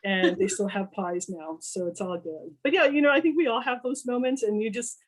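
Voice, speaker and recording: In a low-quality recording, a culinary professional from Texas shares a work story on a panel. Her mid-range voice moves a little fast as she animatedly voices the people she quotes, sprinkling in plenty of "you know" fillers along the way.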